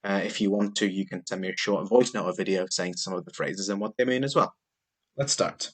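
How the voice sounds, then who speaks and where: A male teacher giving a slow, clear, patient lesson to a young class, asking questions as he goes. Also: low voice.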